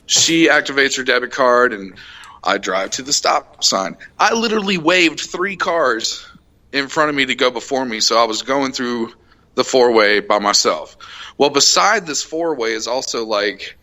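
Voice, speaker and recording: A young adult man hosting a casual podcast, telling a heated, profane road-rage story and acting out the shouting. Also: mid-range voice, moderate pace. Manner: profane, heated retelling, acts out shouted quotes. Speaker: podcast host.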